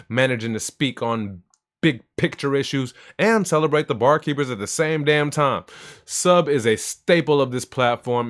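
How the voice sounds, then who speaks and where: Profane, hyped male stream host. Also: medium pitch. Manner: loud, profane, shouts greetings to chat. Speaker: livestream host. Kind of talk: casual hype livestream chat. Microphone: desk microphone for streaming.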